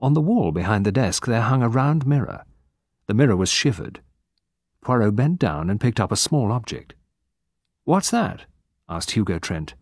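With a fairly low pitch, a male narrator reads an audiobook at a steady, measured storytelling pace. The studio-quality recording has no room sound.

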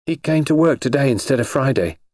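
A man voicing a nervous, uneasy young wife in an audiobook reading, hesitant and halting. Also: mid-range voice, lively intonation, darkish tone, dry recording, clean studio sound, voice pushed up, natural voice. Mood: explaining.

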